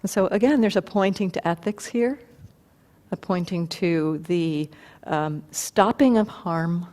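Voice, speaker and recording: A woman meditation teacher giving a dharma talk, unhurried and thoughtful, often pausing and restarting her sentences. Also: on the low side, a little mellow. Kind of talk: dharma talk retelling a story.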